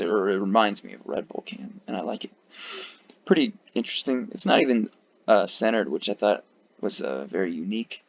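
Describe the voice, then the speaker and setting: Gravelly, tired man rambling casually. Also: on the low side. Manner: rambling, profane, many fillers. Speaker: video creator ranking flags. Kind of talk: casual commentary. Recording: dull lo-fi mic.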